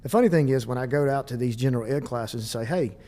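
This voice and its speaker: A middle-aged man with a Southern US accent, speaking as a school district administrator in a casual podcast interview and acting out bits of dialogue as he tells stories. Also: medium pitch. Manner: animated, quick storyteller who acts out dialogue.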